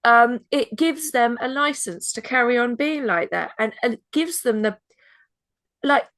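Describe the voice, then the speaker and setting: High-voiced woman, dry close sound. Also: measured pace, fairly bright tone, no echo. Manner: indignant, emphatic. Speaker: podcast co-host. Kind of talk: casual chat.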